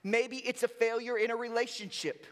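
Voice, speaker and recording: A high-voiced male pastor preaching in a casual, conversational way, tossing questions at his congregation. Long hall reverb hangs after his lines. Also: steady tone, moderate pace. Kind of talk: sermon.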